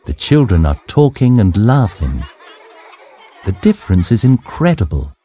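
A man reading a simple story aloud as a narrator, slow and clear. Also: fairly low pitch, sing-song, mellow. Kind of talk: scripted narration of a graded reader.

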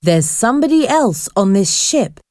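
A woman voicing a calm, observant young woman who explains things in a bright, slightly raised voice. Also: fairly high pitch, moderate pace, no room sound, studio quality. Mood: earnest.

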